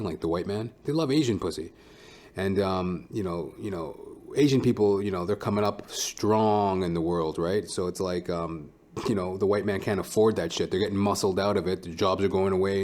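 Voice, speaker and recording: A man's voice: low voice, a little mellow. A man who is a stand-up comedian, hosting his own podcast in a blunt, profane, rambling monologue.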